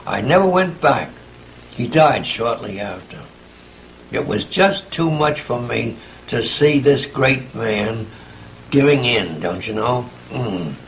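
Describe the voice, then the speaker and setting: A man's voice: medium pitch, animated, takes it slowly, gravelly, slight background noise, poor audio. A man in his eighties, answering interview questions with reflective stories and chuckling asides. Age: 80s. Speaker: interviewee, writer. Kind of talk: conversational interview, storytelling.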